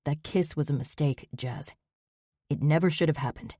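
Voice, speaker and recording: Firm, regretful young male wolf shifter in a storybook, voiced by a woman, low and subdued. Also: normal speed, warm tone, dry recording, studio quality.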